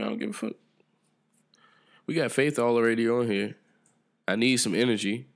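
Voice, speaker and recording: Gravelly low-voiced man musing on his podcast. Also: level tone, a little slow, pauses often. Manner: reflective, loose and profane, trails off and restarts. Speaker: podcast host. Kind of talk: solo podcast monologue.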